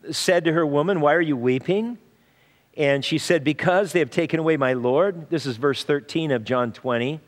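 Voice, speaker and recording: Male pastor, somewhat higher-pitched voice, informal halting preaching style, long hall reverb. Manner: conversational preaching with frequent fillers and restarts. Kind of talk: sermon.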